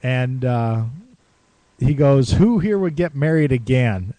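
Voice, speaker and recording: Mellow man telling a rambling story. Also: medium pitch, expressive, slow, dry recording. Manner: rambling, swears and laughs, acts out quotes. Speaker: podcast co-host. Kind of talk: casual storytelling chat.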